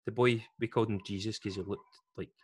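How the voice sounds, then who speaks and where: A Scottish man telling a story in a casual podcast chat, lively and slangy, acting out the voices of the people in it. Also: fairly low pitch, quick pace, breathy edge.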